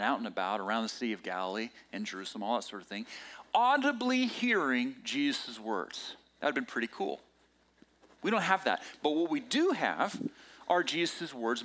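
A male pastor delivering a sermon in a relaxed, conversational tone. His pitch swings widely as he leans into points. He sounds lively and engaged with his listeners. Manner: conversational and animated, acting out quoted lines.

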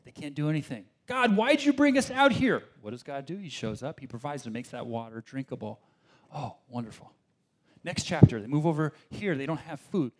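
A man preaching a sermon in an animated way, often restarting his sentences as he talks it through. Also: medium pitch, brisk. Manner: animated, acts out complaining voices, frequent restarts. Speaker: pastor.

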